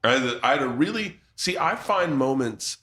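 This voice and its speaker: A man's voice: medium pitch, lively intonation, moderate pace, sharp tone, a little hiss or hum. A middle-aged man hosting a podcast, telling rambling, laugh-filled stories with plenty of swearing. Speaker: podcast host. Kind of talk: casual storytelling chat.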